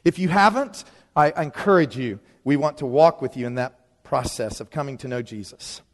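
A man preaching a sermon in a lively, conversational way, leaning on dramatic pauses. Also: mid-range voice. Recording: long reverb of a large hall.

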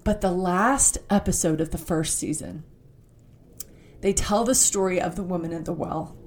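Earnest woman giving a devotional talk. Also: on the low side. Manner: earnest, heartfelt, emotional; reads scripture aloud slowly. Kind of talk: devotional talk with scripture reading.

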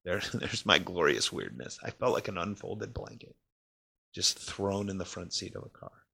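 A man with a fairly low voice full of gravelly fry and a bright, forceful edge tells his own story in a personal talk. He speaks emotionally, pausing and restarting, and his voice drops quiet in the heaviest moments. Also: big pitch swings.

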